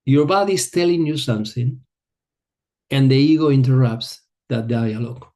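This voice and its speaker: A middle-aged man who is not an English speaker, teaching a yoga group in a relaxed way, telling a personal story and often searching for words. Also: medium pitch, moderate pace. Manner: relaxed, searching for words, non-native phrasing.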